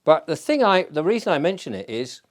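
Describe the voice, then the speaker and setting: A man's voice: fairly high pitch, sing-song, fairly quick. A man, hosting his own show in a casual, rambling, self-mocking chat as he smokes a pipe. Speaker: show host.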